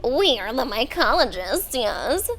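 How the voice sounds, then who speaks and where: A theatrical German-accented mad scientist with a slightly raised, pushed-forward voice, played by a woman and treating every line as a sinister experiment. Talk is drawn out and unhurried, with a sly "yes" added at the ends of lines. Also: a little high, sing-song, fairly bright tone, soft background music, full character voice. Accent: put-on German. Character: eccentric German mad-scientist mycologists, male.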